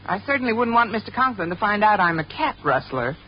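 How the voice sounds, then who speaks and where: An actress playing a sarcastic, wisecracking woman schoolteacher in a 1950s radio sitcom, quick with quips and a little flustered. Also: medium pitch, very animated, slight background noise, close to an everyday voice. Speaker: English teacher. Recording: dull old radio recording with studio audience laughing.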